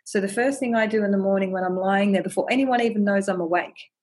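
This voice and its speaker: A woman speaking as a podcast guest, sharing her practice in a gentle, earnest, reflective way and often repeating words as she thinks. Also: medium pitch, quick pace, breathy edge. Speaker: podcast guest, ceremony holder.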